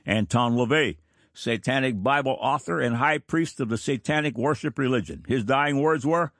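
A man in his fifties, a country church pastor, giving a sermon in a slow, deliberate and solemn manner. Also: medium pitch, fairly bright tone, dry recording, clean studio sound. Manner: slow, deliberate, solemn delivery with drawn-out words. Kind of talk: sermon reading of quotations.

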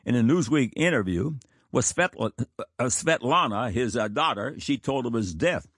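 A man in his fifties, a small-church minister, reading a sermon aloud in an earnest, measured way with occasional stumbles over words. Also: mid-range voice, animated, a bit bright, breathy edge, no echo, clean studio sound.

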